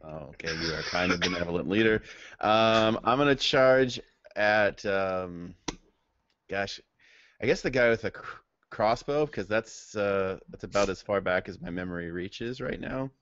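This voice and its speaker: A man's voice: fairly low pitch, a little slow, a bit bright, dry recording. A man playing a tabletop game, hesitant and full of ums and restarts. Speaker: player. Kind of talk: tabletop game play over voice chat. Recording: dull dry lo-fi mic.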